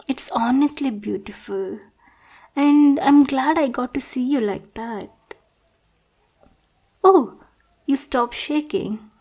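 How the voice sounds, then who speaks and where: A woman's voice: fairly high pitch, darkish tone. A young woman performing a whispered role-play as an obsessive, adoring intruder, sweet and clingy, calling the listener darling. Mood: giddy. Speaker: ASMR performer.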